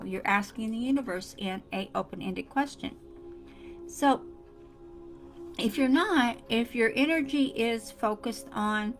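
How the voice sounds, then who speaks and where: A woman's voice: fairly high pitch, unhurried, faint music behind. A woman giving a casual motivational tutorial straight to her viewers, earnest and repetitive. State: coughing fits. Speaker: self-help vlogger.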